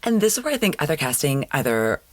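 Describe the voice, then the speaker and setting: A chatty podcast host recaps a TV episode in a wry, casual tone and piles up repeated words for emphasis. The voice sits at a middle pitch. The recording is dry and close, with no room sound. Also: big pitch swings, quick pace, no room sound, faint music behind.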